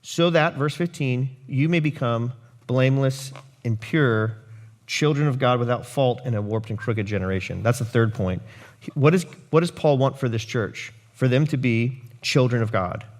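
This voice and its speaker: A male pastor preaching a sermon, animated, with jokey asides and quotes he acts out. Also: mid-range voice, normal speed.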